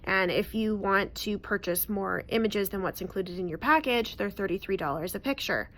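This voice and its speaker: A newborn photographer in her thirties tells a client story to the camera, chatty and emphatic, repeating words for stress. Her medium-pitched voice moves at a moderate pace with a fairly bright tone.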